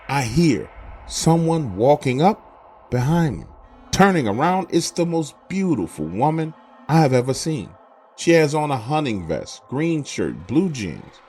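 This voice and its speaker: A man's voice: medium pitch, darkish tone. Man telling a spooky true story, earnest and chatty, voice goes up and down a lot, faint music. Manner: earnest, conversational. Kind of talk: spoken true-story narration.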